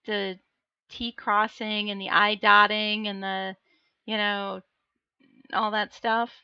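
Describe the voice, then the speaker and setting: A woman's voice: mid-range voice, pushed and bright, smooth, no room sound, dull audio. A woman streamer chatting casually on a live stream, laughing often and answering her viewers. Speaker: live streamer and miniature painter.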